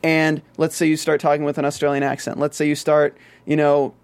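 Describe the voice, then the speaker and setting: A man's voice: a little high, monotone, a little fast, clean tone, dry recording. A man from the American South chatting casually about a TV show, rambling with many restarts and fillers. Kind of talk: casual TV recap chat.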